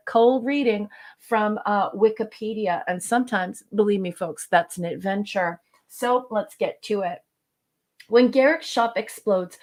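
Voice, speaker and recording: Hesitant, affectionate podcast co-host woman. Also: mid-range voice. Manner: affectionate, hesitant, many ums. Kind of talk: casual chat, cold reading a summary.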